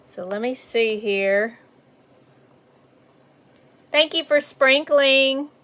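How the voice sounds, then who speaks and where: A woman's voice: sits high, drawn-out words, bright, forceful tone. A woman with a Southern accent leading a casual live painting lesson. She chats along and greets viewers by name. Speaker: painting instructor on a livestream. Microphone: phone on a mount.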